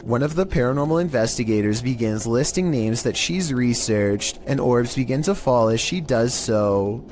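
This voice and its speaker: Monotone man narrating scary clips. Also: mid-range voice, normal speed, hardly any pauses, a little hiss or hum. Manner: monotone, even delivery. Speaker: narrator of a scary video countdown. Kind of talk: scripted narration.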